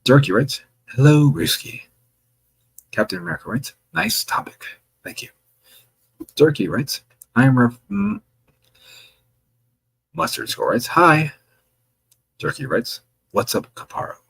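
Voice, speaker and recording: Gravelly man reading stream chat. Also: fairly high pitch, sing-song, unhurried, pauses often, poor audio. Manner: reads viewer comments aloud, chatty and wry. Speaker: livestream host reading chat. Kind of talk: casual livestream chat.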